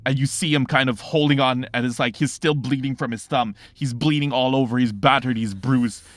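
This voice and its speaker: A man's voice: medium pitch, steady tone, brisk, no room sound. Man narrating as game master. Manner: dramatic narration, often searching for words.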